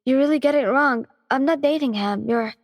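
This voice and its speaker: Brief: woman doing a scared young girlfriend, raised pitch, pleading, breathy, reverby. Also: fairly quick. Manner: pleading, stammering.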